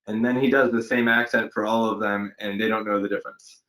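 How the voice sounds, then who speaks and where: A man's voice: on the low side, flat delivery, a little fast, few pauses, pushed and bright, low-quality recording. A man, an actor, answering interview questions in a thoughtful, hesitant way, with many fillers and restarts, recorded from home. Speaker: actor guest. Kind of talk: casual interview over video call. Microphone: home setup during lockdown.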